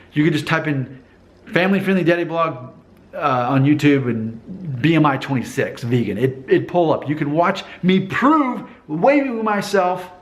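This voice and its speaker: A man talking straight to camera in a casual vlog monologue, emphatic and insistent, often repeating his points. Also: on the high side. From United States. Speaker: vlogger.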